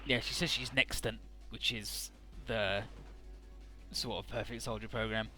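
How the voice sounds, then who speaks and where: A man's voice: fairly low pitch, steady tone, unhurried, pushed and bright, soft background music. A man narrating a video game in a casual, profane style, loosely paraphrasing the dialogue. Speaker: let's play narrator.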